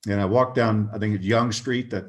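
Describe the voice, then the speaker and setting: An older man, a guest on a video call interview, telling anecdotes with chuckles in an animated, storytelling way. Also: lowish voice, fairly quick.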